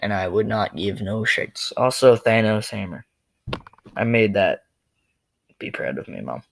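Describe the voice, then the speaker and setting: A man's voice: lowish voice, lively intonation, unhurried, vocal fry. A man ranting to the camera in a loose, rambling, jokey way, full of fillers. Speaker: vlogger. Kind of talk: rambling monologue rant.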